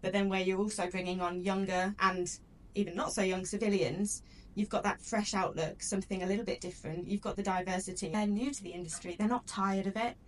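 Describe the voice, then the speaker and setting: A woman's voice: mid-range voice, fairly even intonation, fairly quick, slight background noise. A woman hosting a casual podcast interview, friendly and agreeable. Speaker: podcast host.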